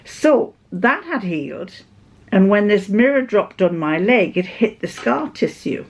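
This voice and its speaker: A woman's voice: medium pitch, very animated, measured pace. A British woman chatting to camera in a vlog, telling a rambling story and laughing often as she goes. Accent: British English. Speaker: craft vlogger. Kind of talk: casual anecdotal chat to camera.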